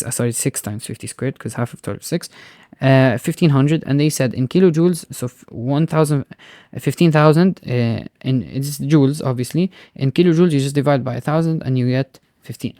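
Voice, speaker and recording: A man's voice: mid-range voice, a little mellow, no room sound, clean studio sound. A male physics teacher walking through a recorded tutoring lesson step by step, often checking in with "right?" and "okay?" and slipping in Arabic words.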